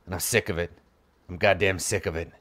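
A man's voice: deep voice, steady tone, fairly quick, fairly bright tone, voice pushed down. A man voicing a bitter, scheming male corporate middle manager who grumbles conspiratorially.

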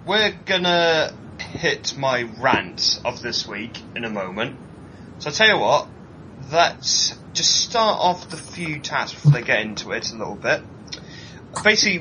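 A man with a bright, lively voice rants animatedly as he co-hosts a casual chat show, mocking people in high put-on voices. His pitch is slightly high. The recording is a bit dull and lo-fi, with faint noise behind it. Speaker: podcast co-host.

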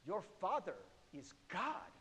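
A middle-aged male pastor preaches with a notably high, lively voice, chatty and animated, often laughing and asking his listeners questions. His words ring out with a long reverb, as if in a large hall. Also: slow, husky. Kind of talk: sermon.

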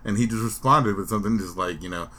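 A man's voice: on the low side, fast, pushed and bright. A man co-hosting a comedy podcast, rambling and swearing, with lots of fillers. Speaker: podcast co-host. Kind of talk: crude comedic podcast banter.

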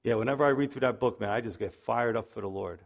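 A man preaching a sermon to a congregation, swinging from loud rises to soft drops and calling out "listen" and "you see.". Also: medium pitch, fast, vocal fry. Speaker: pastor.

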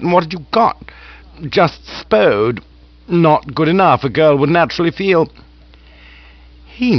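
A man's voice: mid-range voice, no echo. A man narrating a comic novel in a wry, storytelling manner. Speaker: audiobook narrator. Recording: dull dry studio recording.

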